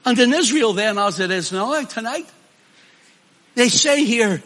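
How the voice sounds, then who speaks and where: A man's voice: high-pitched, expressive, moderate pace, a bit bright. A man preaching a sermon in an emphatic way, acting out quoted voices with mocking asides.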